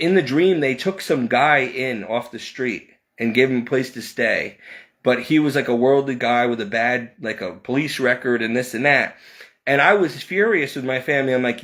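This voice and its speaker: A man telling a personal story in a rambling way, with restarts and repeated words, his pitch climbing when he relives his anger. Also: fairly bright tone. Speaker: video creator.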